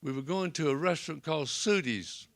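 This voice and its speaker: Older Southern man, gravelly storyteller. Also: fairly high pitch, fairly quick. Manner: folksy anecdotal storytelling, acts out quoted dialogue. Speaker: Presbyterian pastor and panelist. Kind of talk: storytelling on a library panel. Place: library event room.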